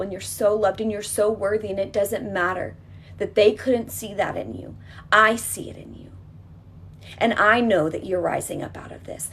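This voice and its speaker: A woman's voice: mid-range voice, moderate pace, slight background noise. A woman leading a guided healing exercise, talking in an emphatic, repetitive coaching manner that is reassuring and direct.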